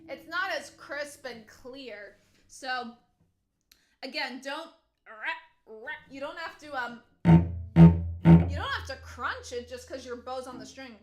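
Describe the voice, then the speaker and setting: A woman's voice: high-pitched, sing-song, slow pace, pauses often, loud music behind the voice. Chatty woman cellist in an echoey room. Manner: warm, chatty and emotional with many fillers. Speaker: cellist and channel host. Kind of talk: livestream Q&A chat.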